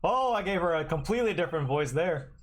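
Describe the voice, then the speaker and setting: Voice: mid-range voice, animated, quick pace. A game streamer casually thinking aloud with hesitant, rambling commentary.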